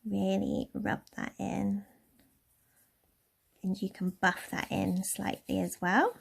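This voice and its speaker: A young woman from Somerset giving a relaxed, chatty nail care tutorial in a lightly posh English accent. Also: mid-range voice, slow, vocal fry, slightly rough. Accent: posh-leaning southern English. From Somerset, England. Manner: chatty, relaxed, with soft laughs. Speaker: beauty tutorial host.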